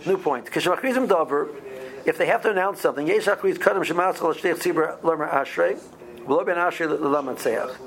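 A man, teaching a halacha class in a halting way, with many ums and restarts. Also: a little high, gravelly, fairly bright tone, low-quality recording. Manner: halting, many ums and restarts, mixes Hebrew and Aramaic terms. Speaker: Torah teacher. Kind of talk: halacha class explaining Jewish law.

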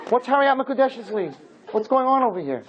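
A man's voice: extremely high pitch, very animated, brisk, voice pushed up. A man voicing an exasperated young bride who demands answers at her own wedding, in a dull lo-fi recording. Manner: incredulous, demanding. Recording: dull lo-fi with faint noise.

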